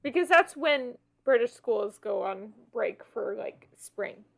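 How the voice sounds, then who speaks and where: Relaxed young woman co-host, higher voice. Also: slow pace, creaky. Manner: relaxed, reads snippets aloud while looking things up. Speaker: podcast co-host. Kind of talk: casual chat.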